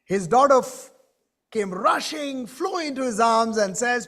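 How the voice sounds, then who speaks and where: A man telling a story to a conference audience in an animated way, with questions to the crowd. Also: very high voice, measured pace. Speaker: keynote speaker. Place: conference stage.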